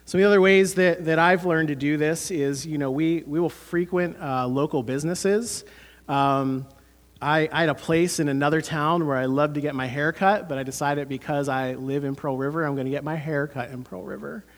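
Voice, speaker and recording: A man's voice: a little high, steady tone, moderate pace. A man, preaching a sermon as pastor, earnest and conversational with many fillers.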